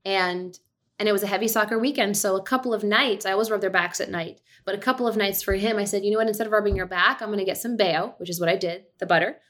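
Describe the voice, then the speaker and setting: A woman in her thirties tells a family anecdote as a podcast guest. She is animated and acts out the voices she quotes, and her voice sits at a middle pitch. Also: quick pace. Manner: animated storyteller, acts out quotes, laughs easily. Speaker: podcast guest, actor and director. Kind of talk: casual storytelling chat.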